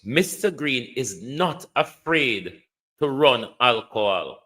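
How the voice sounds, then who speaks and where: Bright-voiced Jamaican man scolding. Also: mid-range voice, lively intonation, slow pace. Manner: scolding, mocking, drops into patois. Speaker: political commentator. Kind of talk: livestream political rant.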